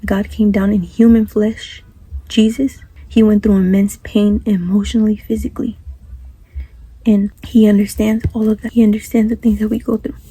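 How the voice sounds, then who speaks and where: A young woman speaking earnestly to camera about faith, soft-spoken and often slipping into a whisper, rambling and repeating herself. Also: mid-range voice, husky, no room sound, rough recording. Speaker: Christian YouTuber.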